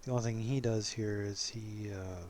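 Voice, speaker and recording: A man giving relaxed, casual commentary over his own gameplay footage, chuckling often and poking fun at himself. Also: lowish voice, moderate pace, slight background noise.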